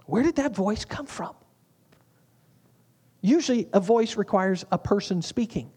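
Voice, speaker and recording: A man's voice: high voice, animated, measured pace, a little mellow, breathy edge. A man preaching a sermon as a pastor, in a humorous, conversational way.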